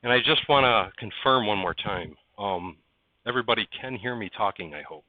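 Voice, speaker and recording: This man's fairly low voice is animated and moderately paced as he livestreams casually from his indoor workshop barn. Chatty and hands-on, he greets viewers by name and coaxes parts as he works; the sound is dry and tinny, like a phone.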